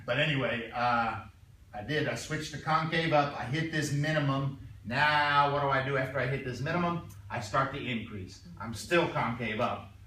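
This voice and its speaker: A man teaching a calculus class, chatty and stumbling over repeated words, clearing his throat now and then. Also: medium pitch, normal speed, pushed and bright, slight background noise. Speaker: math teacher. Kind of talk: classroom lecture. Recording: echoey room, mic far off.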